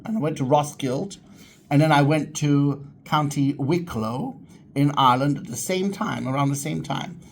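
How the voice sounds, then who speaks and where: A man's voice: medium pitch, slight background noise. Rambling enthusiastic man talking history. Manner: rambling, enthusiastic, frequent restarts. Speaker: channel host, history enthusiast. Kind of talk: casual talk to camera.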